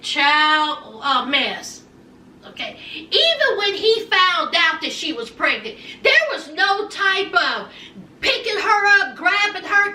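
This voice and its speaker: A woman recapping a reality show in a sassy, animated way, acting out the people she quotes. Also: very high voice. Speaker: recap vlogger. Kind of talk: casual TV recap chat. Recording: echoey room, mic at a distance.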